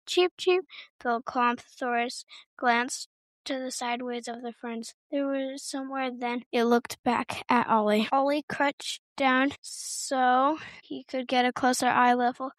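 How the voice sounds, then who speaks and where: A woman reads a children's story aloud in a steady, unhurried way, now and then tripping on a word. Her voice is high and stays level with little melody. The recording is close and dry, with no room sound. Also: no echo. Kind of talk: storybook narration.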